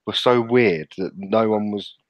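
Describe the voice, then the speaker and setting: A man's voice: on the low side, measured pace, no echo, poor audio. Sweary man telling stories. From England. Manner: sweary, laughing, animated storyteller. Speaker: podcast host. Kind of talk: casual chat, storytelling.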